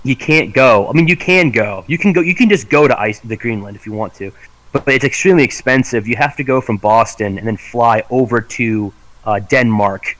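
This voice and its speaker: A man's voice: mid-range voice, a little fast, a bit bright, rough recording. A man co-hosting a podcast in casual chat, rambling and cursing, often laughing into his words. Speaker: podcast co-host.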